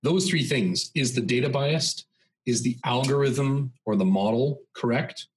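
A man's voice: mid-range voice, measured pace, slightly rough, poor audio. A man talking as a podcast guest, telling long stories full of examples. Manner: expansive storyteller, dense with examples. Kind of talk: conversational podcast interview.

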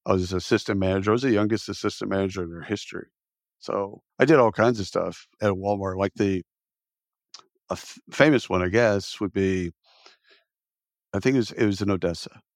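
Blunt, animated man in his fifties. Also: sits low, fairly quick, dry recording, clean studio sound. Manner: animated storyteller who acts out quoted speech, blunt and salty. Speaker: podcast guest. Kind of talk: casual storytelling interview.

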